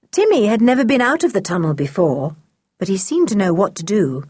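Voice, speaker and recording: Brief: woman storybook narrator, lively melodic reading, close and dry. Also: medium pitch, brisk, slightly rough, no room sound. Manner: expressive reading. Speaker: audiobook narrator.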